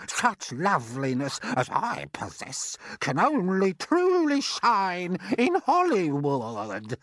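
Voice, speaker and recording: A man voicing a vain, shrill old aunt in a storybook reading, preening and sing-song. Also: huge pitch swings, slow pace, a bit bright, no echo, full character voice. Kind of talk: storybook character voice.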